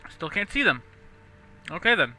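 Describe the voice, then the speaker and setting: Chatty bright-voiced young gamer guy. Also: sits high, sing-song, moderate pace, soft background music. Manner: rambling, chatty, laughs often. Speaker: let's play host. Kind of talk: casual gameplay commentary.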